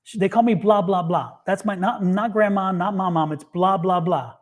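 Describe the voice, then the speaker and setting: A man in casual chat, telling an animated story and acting out what people said. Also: high-pitched, moderate pace. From United States. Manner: animated storyteller, acts out quotes. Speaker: psychic reader and co-host.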